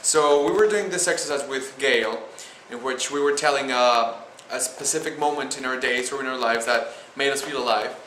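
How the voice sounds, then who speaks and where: A man's voice: medium pitch, fairly bright tone. A young man with a Spanish accent, a student talking casually in a vlog and often restarting his sentences. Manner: halting, many restarts and "like" fillers. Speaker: student vlogger. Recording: roomy echo with faint noise.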